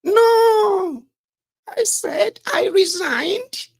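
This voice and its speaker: A Nigerian man voicing an evasive, lying male politician in a high, squeaky mocking falsetto. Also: lively intonation, drawn-out words, no echo, studio quality, full character voice. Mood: indignant.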